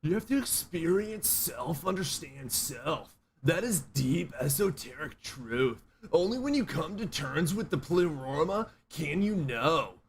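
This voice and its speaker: A man's voice: fairly high pitch, expressive, a little slow, gravelly, hardly any pauses, pitched above the performer's own voice. A dreamy, smug stoner guru bro, as a man puts him on. He drawls in a raised, lilting voice that swings up and down, and he slips "bruh" into everything. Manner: drawling, mocking, says bruh.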